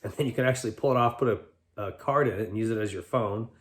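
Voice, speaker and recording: A man's voice: lowish voice, fast. A man hosting a talk show, answering listener letters in a loose, rambling conversational way with lots of restarts. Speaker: podcast host and bike tester. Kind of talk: casual chat answering listener mail.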